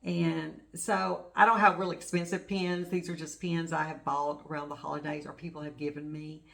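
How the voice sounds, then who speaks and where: A woman's voice: sits low, little pitch movement, moderate pace, vocal fry, a bit bright. A middle-aged woman hosting a craft channel, chatting casually and rambling as she gushes over her stitching projects. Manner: chatty and rambling, gushing over small things. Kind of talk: casual show-and-tell chat.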